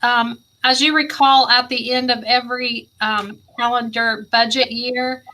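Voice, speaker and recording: A woman's voice: on the high side, little pitch movement, unhurried, pushed and bright, low-quality recording. A woman presenting finances at a school board meeting in a businesslike way, reading out dollar figures. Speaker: school district finance officer.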